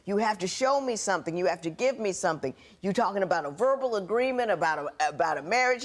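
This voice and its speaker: A middle-aged woman presiding as a TV court judge, blunt, sarcastic and commanding in her rulings. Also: fairly high pitch. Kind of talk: courtroom TV show.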